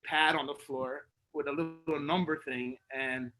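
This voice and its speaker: A man with a very bright, forceful voice sitting slightly high in his range tells stories in an easy, slangy way. He acts out the back-and-forth of conversations, and laughter keeps breaking into his talk. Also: a little slow, poor audio. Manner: animated, laughing storyteller who acts out dialogue; casual, slangy talk with many fillers. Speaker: speaker sharing memories at a memorial. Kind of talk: spoken storytelling speech.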